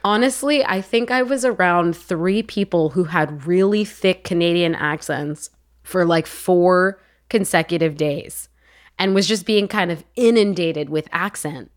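A woman's voice: lowish voice, unhurried. Playful woman co-hosting a podcast. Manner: playful, giggly. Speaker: podcast co-host. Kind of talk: casual chat.

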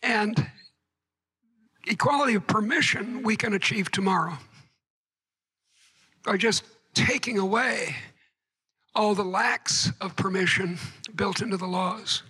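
A man giving a public lecture to an audience, halting and repeating words, with wry asides. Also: sits high, bright, forceful tone, slightly rough, poor audio.

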